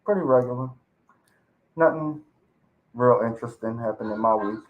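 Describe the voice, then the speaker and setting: A woman co-hosting a casual chat show, joking in a dry, deadpan way. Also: very deep voice, moderate pace, narrow, tinny audio. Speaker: podcast co-host.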